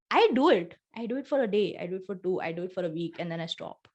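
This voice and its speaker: A woman's voice: fairly low pitch, fast talker, hardly any pauses. A woman co-hosting a casual heart-to-heart conversation, talking in an earnest, reflective way and vividly retelling her own feelings. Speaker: podcast co-host.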